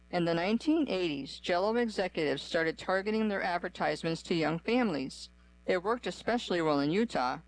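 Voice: medium pitch, poor audio. A narrator giving a scripted, evenly read-aloud run through a list.

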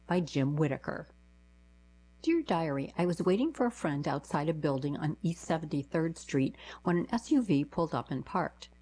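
A woman reading short newspaper diary columns aloud for a radio reading service, in a plain, even manner. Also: low voice, normal speed, slightly rough, low-quality recording.

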